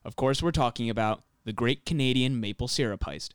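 A man's voice: mid-range voice, brisk, smooth, no room sound, studio quality. A man hosting a casual podcast, reading out his researched notes in a laid-back way. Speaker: podcast host presenting the researched story. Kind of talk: casual podcast chat and read-out narration.

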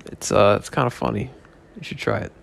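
A man's voice: mid-range voice, fairly quick, vocal fry. A man hosting his own podcast, rambling casually with profane, joking asides. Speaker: podcast host. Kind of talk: casual solo podcast chat.

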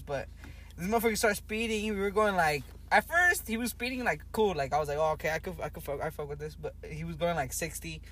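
A young man with a fairly high voice tells a story on a casual podcast, animated and peppered with swearing, "like" and "bro". A faint background hum sits under the talk. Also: fast talker. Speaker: podcast host.

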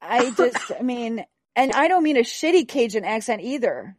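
A woman's voice: a little high, animated, moderate pace, a little hiss or hum. A woman hosting a podcast, chatting casually and bluntly, swearing freely and stressing her words. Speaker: podcast host. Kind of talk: casual chat.

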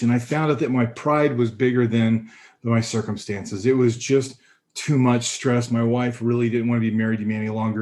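A man's voice: medium pitch, darkish tone. Earnest man telling his story. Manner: earnest, reflective, halting with pauses. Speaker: personal storyteller. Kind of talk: personal testimony.

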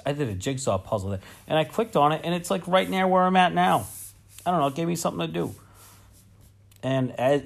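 A man's voice: mid-range voice, darkish tone. Profane, ranting male podcast host. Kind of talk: casual travel storytelling.

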